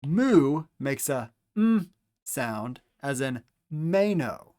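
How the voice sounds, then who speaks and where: Slow, deliberate male Greek teacher. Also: fairly high pitch, very animated, darkish tone. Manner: slow, deliberate, repeats each example word. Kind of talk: slow instructional pronunciation lesson.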